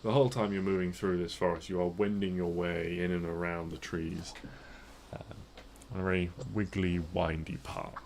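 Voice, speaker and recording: A man acting as game master, describing the scene in a relaxed, rambling way with frequent fillers. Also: low-pitched, normal speed, very noisy. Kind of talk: narrating a tabletop game.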